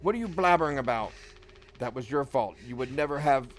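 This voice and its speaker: A man voicing a panicked, furious young man in a game, shouting in a high, strained voice. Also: steady tone, a little fast, lightly acted. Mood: frantic.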